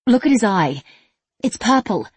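A woman's voice: fairly high pitch, very animated, a little slow, breathy edge, no room sound, voice pushed up, heavily acted. A woman voicing a wry, tired young woman with a dry, sardonic manner in a read-aloud story. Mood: insistent.

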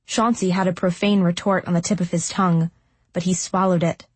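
A woman narrating a dark fantasy audiobook in a steady, dramatic storytelling manner. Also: on the low side, a little fast, breathy edge, no room sound. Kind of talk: scripted narration.

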